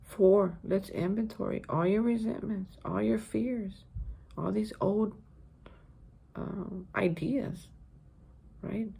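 Woman vlogger, casual daily reflection, gravelly and husky, emphatic with repeated words, hotel room. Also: medium pitch, slow, long pauses, mellow. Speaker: recovery vlogger.

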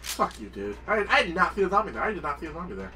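A man giving casual let's-play commentary, excitable, swearing often and talking to the game characters. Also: high voice, racing, far from the mic, low-quality recording. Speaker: gameplay commentator.

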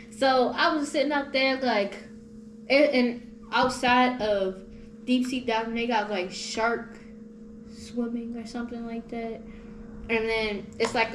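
A young woman hosting a podcast, telling travel stories in animated slang-filled casual chat. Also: medium pitch. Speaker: podcast host. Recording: echoey room with faint noise.

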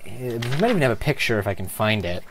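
A man's voice: lowish voice, big pitch swings, quick pace, background noise. A man running a tabletop game, rambling and searching aloud as he describes a character. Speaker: game master. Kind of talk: casual tabletop game narration.

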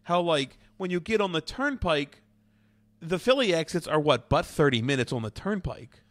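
A man's voice: on the high side, lively intonation, normal speed, a bit bright, no room sound. A man co-hosting a casual talk show, joking around and swearing freely. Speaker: co-host. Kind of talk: casual chat. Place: studio.

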